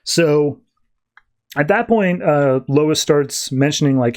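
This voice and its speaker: A man hosting a podcast, casually recapping a comic issue and tossing off quick voiced lines for the characters. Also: fairly high pitch, darkish tone. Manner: loose, chatty retelling with quick voiced asides. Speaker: podcast host reviewing comics.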